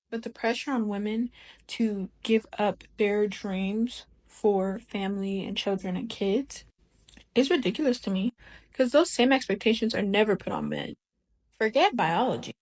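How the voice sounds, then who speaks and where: Brief: woman, opinion piece, emphatic and indignant delivery, mid-pitched voice. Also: a little mellow. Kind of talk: opinion monologue.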